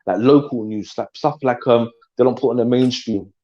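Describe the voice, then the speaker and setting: A man's voice: mid-range voice, moderate pace, warm tone. Brief: man, stream host, loose slangy rambling chat, muffled lo-fi sound. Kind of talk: casual live chat. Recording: dull lo-fi audio.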